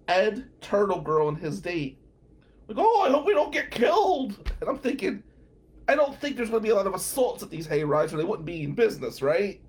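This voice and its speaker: A man in his forties, a podcast host, telling a comic story in a sarcastic, animated way. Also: high-pitched. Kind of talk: comedic storytelling.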